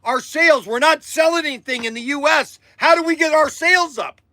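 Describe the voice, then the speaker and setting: A man's voice: very high-pitched, brisk, pushed and bright, no echo, studio quality. An older man hosting a show, telling a long personal story in a rambling, emphatic way that repeats itself, getting emotional at times. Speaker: podcast host. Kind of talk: casual storytelling.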